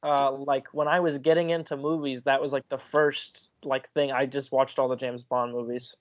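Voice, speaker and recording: A man co-hosting a casual film podcast, relaxed and agreeable. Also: medium pitch, normal speed, no echo. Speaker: podcast co-host. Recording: dull lo-fi podcast audio.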